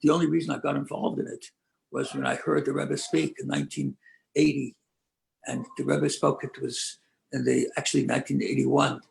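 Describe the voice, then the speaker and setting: Gravelly older man, earnest and measured. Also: mid-range voice, little pitch movement, poor audio. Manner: earnest, measured, with deliberate slowed emphasis. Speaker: rabbi and prison-outreach leader. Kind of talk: conversational talk, storytelling.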